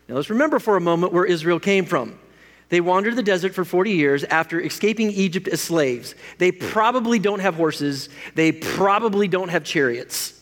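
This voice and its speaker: A man preaches a sermon in a lively, joking way, breaking off and restarting sentences as he goes. His voice sits fairly high for a man. Long reverb from a church hall trails after his words. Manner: animated, jokey, self-interrupting. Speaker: pastor.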